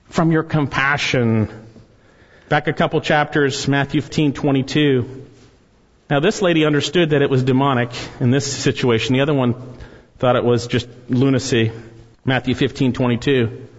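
A man's voice: mid-range voice, moderate pace. A man preaching a sermon as a pastor, reading scripture aloud with rising emphasis. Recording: dull sound with long hall reverb.

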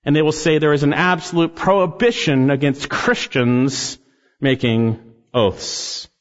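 A man preaching an expository sermon as a pastor, emphatic, rising on key phrases and slowing down to drive points home. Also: on the high side, fairly even intonation. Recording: dull sound with long reverb in a large hall.

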